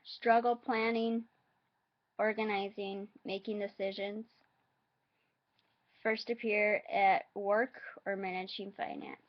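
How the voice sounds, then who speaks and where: Woman vlogger, unhurried halting read, dull lo-fi sound. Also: mid-range voice, level tone. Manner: halting, hesitant reading with asides. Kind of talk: reading facts aloud.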